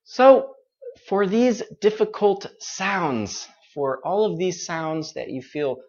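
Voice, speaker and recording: A pronunciation teacher who speaks slowly and patiently and models each sound again and again. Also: medium pitch, animated, darkish tone, muffled recording. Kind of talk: online English pronunciation class.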